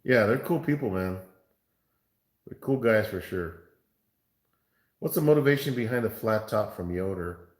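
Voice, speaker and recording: A man's voice: lowish voice, lively intonation, a little slow, pauses often, roomy sound. A man from Far West Texas, chatting casually with viewers on his barbecue livestream and calling them man and bro. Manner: laid-back, calls viewers man and bro. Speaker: barbecue show host.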